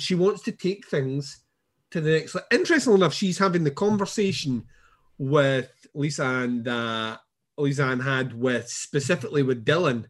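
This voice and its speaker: Wry man, slightly high voice. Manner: wry, sarcastic, laughs often. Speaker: podcast co-host. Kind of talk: casual chat recapping a TV episode.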